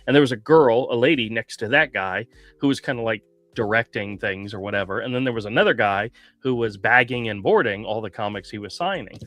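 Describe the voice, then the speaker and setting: A man hosting a casual talk show, telling a long story in an animated, indignant way. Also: on the low side, a little fast, dry recording. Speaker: podcast host. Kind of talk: casual chat.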